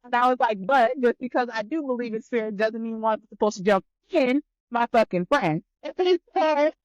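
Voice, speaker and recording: A woman guest on a podcast telling a story in casual chat, animated and profane, acting out both sides of the conversation. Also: a little high, moderate pace, dry recording, highs cut off.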